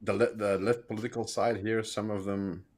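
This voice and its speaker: A man's voice: fairly low pitch, little pitch movement, normal speed, a little mellow, slight background noise. A man chiming in on a casual podcast chat, often stumbling and restarting his phrases.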